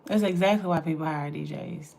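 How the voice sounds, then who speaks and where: A woman's voice: low voice, fairly quick, creaky, darkish tone. A woman in her forties hosting a casual livestream as a spiritual reader, candid, swearing freely and drifting into tangents.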